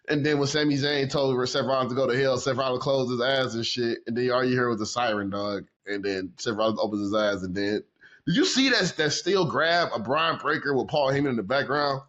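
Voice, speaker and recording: A man co-hosting a casual podcast chat. He talks in an excitable, cursing rush and breaks into laughter often. His voice sits at a middle pitch, and the audio sounds a little dull and lo-fi. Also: normal speed. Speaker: podcast co-host.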